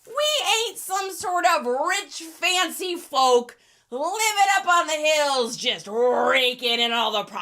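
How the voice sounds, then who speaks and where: A woman's voice: sits high, measured pace. A middle-aged woman chatting casually to livestream viewers, getting worked up and ranting. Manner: animated, ranting, gets worked up. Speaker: reseller livestreaming product photography.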